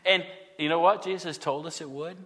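A middle-aged pastor preaching a sermon earnestly, swinging from forceful lines to hushed ones. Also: male voice, fairly high pitch, fairly even intonation, brisk, in a large hall.

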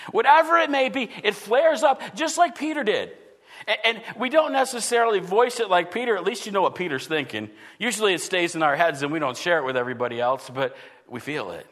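A man with a high voice preaches a sermon. He speaks earnestly to his congregation and often drops his voice low and quiet to act out what people think to themselves. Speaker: pastor.

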